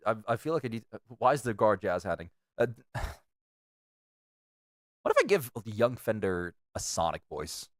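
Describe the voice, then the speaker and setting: A man's voice: lowish voice, big pitch swings, normal speed, dry recording, clean studio sound. A man streaming a game, chatting casually with profane, rambling asides. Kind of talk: casual let's-play commentary.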